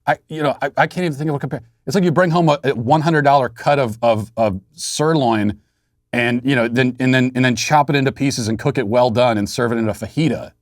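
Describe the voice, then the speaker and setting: A man's voice: mid-range voice, brisk, no echo, studio quality. A man hosting a podcast, telling a story in a sardonic, mock-outraged way. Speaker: podcast host. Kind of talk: casual monologue.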